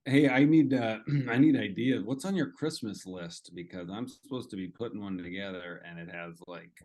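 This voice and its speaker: A man's voice: on the low side, moderate pace, darkish tone. A man co-hosting a podcast, chatting casually with easygoing questions and light teasing. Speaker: podcast co-host. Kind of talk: casual chat.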